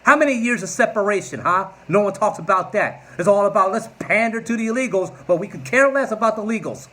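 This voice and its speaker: A political vlogger in his forties delivers a combative rant straight to camera. His voice sits fairly high for a man and is a bit bright, a little fast, with a sarcastic, mocking edge throughout.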